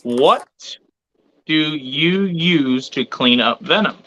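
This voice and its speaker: A man's voice: a little high, expressive, extremely slow, bright, forceful tone, a little hiss or hum, rough recording. A man hosting a live stream, talking in a chatty, loose way with fillers. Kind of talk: casual live stream talk.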